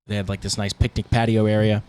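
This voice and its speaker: A man's voice: fairly low pitch, flat delivery, a little mellow, clear, resonant tone. A man co-hosting a podcast, telling stories in casual, rambling chat with lots of fillers. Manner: fast, rambling storytelling with fillers. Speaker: podcast co-host, band guitarist.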